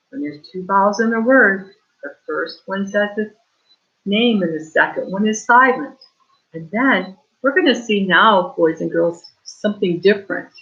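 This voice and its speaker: A woman teaching a remote kindergarten reading lesson, reading slowly and with exaggerated stress, prompting the children with questions. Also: medium pitch, fairly bright tone. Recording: dull lo-fi online class audio.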